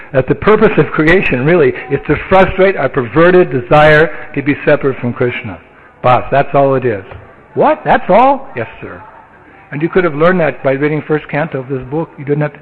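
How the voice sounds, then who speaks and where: A man giving a sermon in a conversational storytelling way, with the odd chuckle. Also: on the high side. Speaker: spiritual teacher. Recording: tinny phone-like line.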